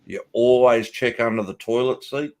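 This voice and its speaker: A man's voice: medium pitch, normal speed, a little mellow. A man with an Australian accent joining in casually on a group chat.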